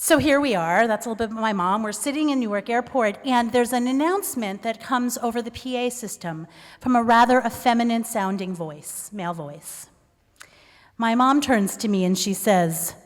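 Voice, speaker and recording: Woman storyteller, higher voice, animated and wry, live stage with long reverb. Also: normal speed. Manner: animated, self-mocking, acts out quoted voices. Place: performance venue stage.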